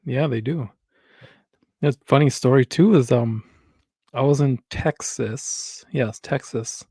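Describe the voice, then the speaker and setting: A podcast co-host from Wisconsin. His voice has a rough, gravelly edge, and the recording is close and dead. He tells stories by playing out each side of the exchange. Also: mid-range voice, slow, no room sound. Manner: animated storyteller who acts out both sides of a conversation. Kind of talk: casual chat.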